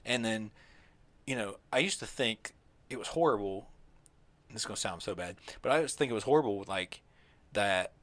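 A man co-hosting a loose, casual podcast chat. His voice is bright and forceful, and he rambles with plenty of "like" fillers. The sound is dry and close to the mic. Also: lowish voice, expressive, normal speed, pauses often, dry recording. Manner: rambling, heavy use of "like" fillers. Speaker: podcast co-host.

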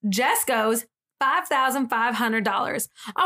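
A woman with a fairly high voice co-hosts a podcast and retells a wild story in loose, casual chat. She swears freely and laughs between lines. When she quotes people, her voice jumps up sharply. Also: expressive, measured pace, sharp tone. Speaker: podcast co-host.

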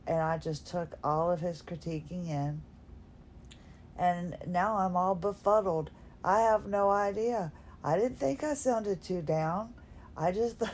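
A woman talks slowly and unhurriedly in a somewhat low voice, hosting a solo podcast from her bed. She rambles and pokes fun at herself, fighting off yawns. A faint hum of room ambience sits behind her. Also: darkish tone. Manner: rambling, self-deprecating, yawning. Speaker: podcast host. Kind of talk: casual solo podcast talk. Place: lying in bed at home.

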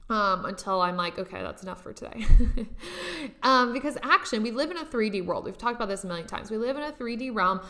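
Bright-voiced young woman spiritual coach. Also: medium pitch. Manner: chatty, frequent filler words, casual swearing. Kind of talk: casual motivational monologue.

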